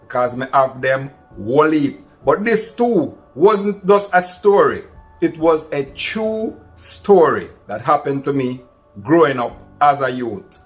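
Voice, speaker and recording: Addressing his audience as "my people," a Jamaican-accented male vlogger recounts a true story from his own life in an earnest, casual manner. His voice runs on the high side with a slight brightness.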